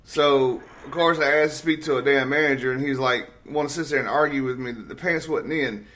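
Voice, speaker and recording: A man's voice: mid-range voice, a little fast, fairly bright tone. A man hosting a casual talk show, telling profane, rambling stories and laughing often. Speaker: host.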